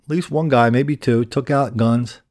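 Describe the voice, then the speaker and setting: A man's voice: medium pitch, fairly even intonation, moderate pace, a little mellow. A man hosting a podcast, telling crime stories in a sardonic, rambling way. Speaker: podcast host. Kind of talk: casual commentary.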